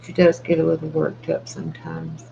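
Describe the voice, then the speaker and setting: A man's voice: fairly high pitch, completely flat delivery, normal speed, vocal fry, mellow. An older man chatting casually on a late-night live stream with his dog, keeping his voice down so he won't wake the house. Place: home at night. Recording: dull lo-fi with faint hum.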